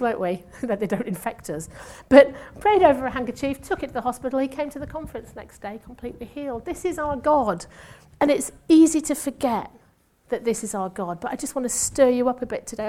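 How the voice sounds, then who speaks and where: A woman's voice: high-pitched, darkish tone. A woman, a former nurse sharing a testimony sermon in a chatty, self-mocking way with asides. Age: 50s. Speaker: church speaker and former nurse.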